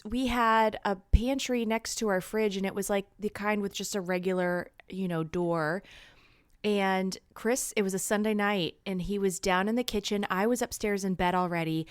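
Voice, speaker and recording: Woman, podcast co-host, mid pitch, dry sound, earnest storyteller. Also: clear, resonant tone, dry recording. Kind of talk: casual chat.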